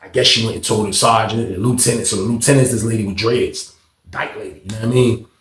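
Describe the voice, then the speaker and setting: A man telling a prison story in a casual, slangy, animated way. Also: on the low side, quick pace, roomy sound, far from the mic.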